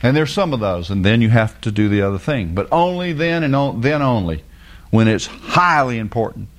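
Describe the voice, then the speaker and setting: A man's voice: mid-range voice, big pitch swings, normal speed. A man preaching a casual, folksy sermon in plain everyday words. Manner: folksy, plain-spoken, mimics people with sing-song voices.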